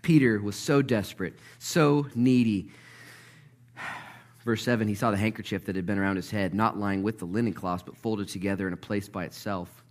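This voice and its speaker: A man preaching in church to a congregation. He is animated and jokes, and acts out the voices of Bible characters. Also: fairly low pitch, normal speed. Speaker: pastor. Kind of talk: sermon.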